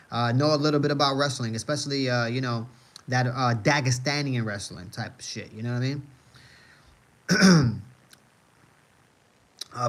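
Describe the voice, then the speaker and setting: A man's voice: mid-range voice, fairly bright tone. Laid-back man rambling on a live stream. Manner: rambling, heavy on "uh" and "you know what I mean"; laid-back, profane, joking. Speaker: live streamer reading chat. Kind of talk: casual live-stream chat.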